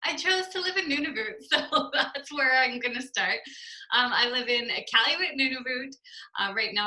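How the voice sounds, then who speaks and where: A young woman from Canada, chatty and quick to laugh, sounding tired and yawning as she shares her story on a group call. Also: a little high, bright, forceful tone, poor audio. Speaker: guest speaker on a group call. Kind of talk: casual chat.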